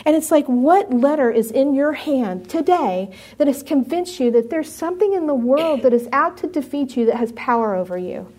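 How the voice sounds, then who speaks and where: A middle-aged woman preaching to a live audience, telling a personal story and asking the room questions in an animated way. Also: a little high, normal speed.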